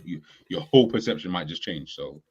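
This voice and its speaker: A man's voice: deep voice, animated, a little fast, darkish tone, breathy edge, highs cut off. A man ranting animatedly in a casual football chat, full of slang. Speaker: podcast guest.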